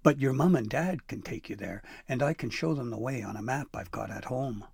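A man reads a good-humoured old grandfather in a storybook, teasing gently and rambling in a folksy way. The voice is gravelly and a bit husky, close and dry. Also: mid-range voice, fairly quick, dry recording. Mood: joking. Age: older. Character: kindly joking old grandfather.

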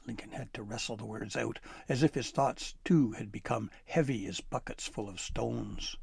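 A man narrating a storybook in a measured, dramatic way. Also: medium pitch, fairly even intonation, gravelly, a little mellow, breathy edge, no echo, clean studio sound.

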